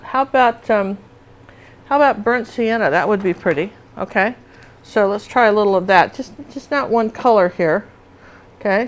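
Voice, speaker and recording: A woman's voice: fairly high pitch, low-quality recording. A middle-aged woman teaching acrylic painting in a live demonstration, chatty and often asking viewers if they see it.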